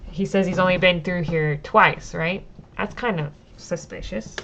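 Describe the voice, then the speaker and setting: A woman's voice: lowish voice, unhurried, fairly bright tone, highs cut off, slight background noise. A woman reading a solo horror gamebook aloud on stream, with casual, self-deprecating asides as she weighs the choices.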